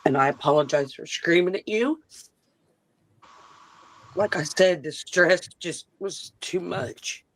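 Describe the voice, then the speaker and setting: A woman's voice: fairly low pitch, slow, long pauses. A worn-out woman speaks as a guest on a live stream. She talks earnestly and emphatically, now apologetic, now firmly standing her ground. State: tired. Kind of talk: emotional live-stream talk.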